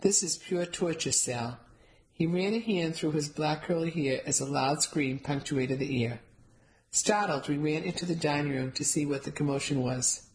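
A reader narrating a first-person novel in an even storytelling manner. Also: medium pitch, normal speed, rough recording. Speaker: audiobook narrator.

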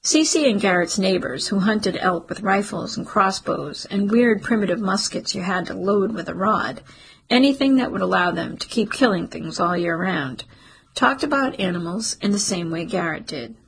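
Woman, audiobook narrator, husky, breathy, mid pitch, wry even storytelling. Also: moderate pace, low-quality recording. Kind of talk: scripted narration.

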